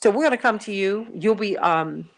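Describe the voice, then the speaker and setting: A woman's voice: medium pitch, normal speed. A middle-aged woman from Chicago hosting a call-in radio show, telling a personal story emphatically and repeating herself for stress. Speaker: radio talk show host.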